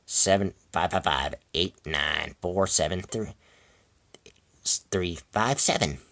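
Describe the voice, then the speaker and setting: A man's voice: sits low, takes it slowly, creaky, a bit bright, heavily acted. A man voicing a polite, nerdy teenage boy who speaks primly and a little shakily. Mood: precise. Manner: prim, hesitant, slightly shaky.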